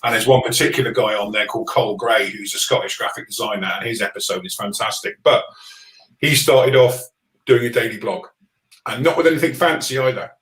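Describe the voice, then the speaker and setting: A man who is a livestream guest, telling a story in a measured, hesitant way. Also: medium pitch, a bit bright, reverberant, low-quality recording. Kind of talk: casual livestream chat.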